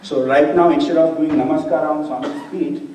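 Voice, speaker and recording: A man giving a devotional talk, telling personal stories in a relaxed anecdotal way, with light laughter now and then. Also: a little high, normal speed, a little hiss or hum. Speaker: speaker at a devotional gathering. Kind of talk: storytelling talk with slides. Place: hall at a devotional gathering. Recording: echoey hall, distant mic.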